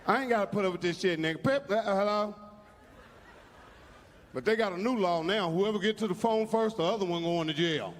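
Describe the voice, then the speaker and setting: High-voiced man doing stand-up. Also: a little fast. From United States. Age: older. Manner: loud, animated storytelling with crude slang. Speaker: stand-up comedian. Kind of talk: stand-up comedy routine. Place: comedy club stage with a laughing audience. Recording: live stage in a large hall, loud crowd noise.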